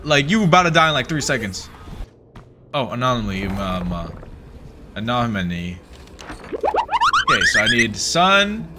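Excitable gaming commentator man. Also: mid-range voice, measured pace, pauses often, background noise. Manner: excitable, swings between mutters and yelps, mild minced swears. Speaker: gaming YouTuber. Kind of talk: let's play commentary.

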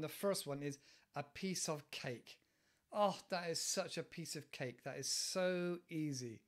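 A man hosting a casual learning podcast, chatting and wandering off topic as he explains idioms. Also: on the high side. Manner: chatty, wandering, self-interrupting. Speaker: English teacher podcast host.

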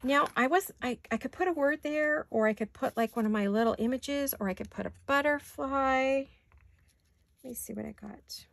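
A woman's voice: sits high, normal speed, gravelly, fairly bright tone, no echo. A woman hosting a home crafting video, chatting casually and talking to herself as she works, with hiccups. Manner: chatty, talks to herself while working. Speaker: crafting channel host.

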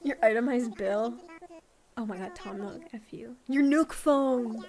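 A woman streaming a live reaction to a game showcase, gushing and squealing, swinging from shouts to hushed whispers. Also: fairly high pitch, measured pace. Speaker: gaming content creator. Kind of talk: excited live reaction commentary.

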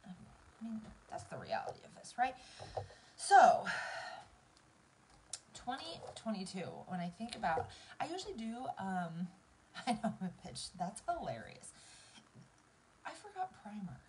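A woman's voice: mid-range voice, very animated, a little slow, long pauses, darkish tone, a little hiss or hum, poor audio. A woman in her thirties with a Southern American accent, chatting casually to viewers on a live stream while doing her makeup, emotional and close to tears. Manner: emotional, teary, talks straight to viewers. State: tearful, near crying.

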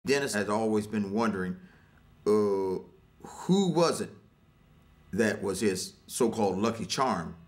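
A man telling a story in an interview, measured and reflective, quoting old sayings. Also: on the low side, lively intonation.

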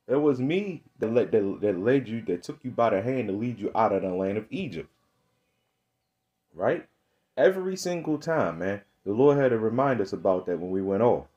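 A man's voice: mid-range voice, warm tone, highs cut off. A man preaching an informal sermon, fiery and rhetorical, constantly checking in with "right?" and "man.". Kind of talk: informal street-style sermon.

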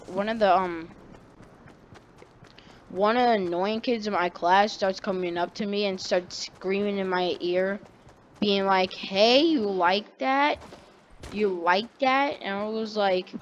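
A man's voice: high voice, a bit bright, a little hiss or hum. A teenage boy telling a casual story-time tale, rambling and correcting himself often. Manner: rambling, full of fillers and self-corrections.

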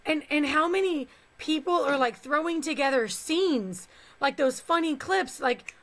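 A woman's voice: high-pitched, measured pace, a bit bright. A woman in her forties, a chatty and gushing interviewer in a casual interview.

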